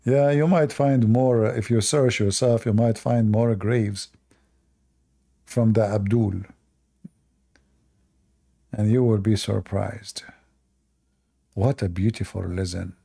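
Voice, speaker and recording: A man's voice: lowish voice, fairly even intonation, slow, vocal fry, pauses often, dark tone. A man with a non-native English accent hosting a livestream and giving sarcastic, mocking commentary. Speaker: livestream debate host.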